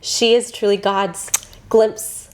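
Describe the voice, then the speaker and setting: A woman's voice: medium pitch, fairly even intonation, slow, a little mellow. A young adult woman co-hosting a podcast, opening the episode in an enthusiastic way and laughing easily. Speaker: podcast co-host. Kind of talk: podcast introduction.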